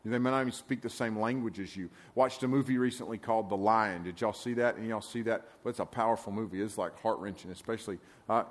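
A man's voice: fairly low pitch, fairly even intonation, fast, few pauses. A middle-aged man, giving a rambling, folksy talk to a youth camp and often checking that his listeners follow him. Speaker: camp speaker. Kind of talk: conversational sermon to a youth group.

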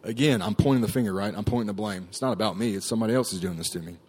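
A man's voice: lowish voice, rapid-fire, a little mellow, slightly rough. Man telling his testimony, casual. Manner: casual storytelling, many fillers and "like". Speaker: ministry staff member giving testimony. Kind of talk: personal testimony talk.

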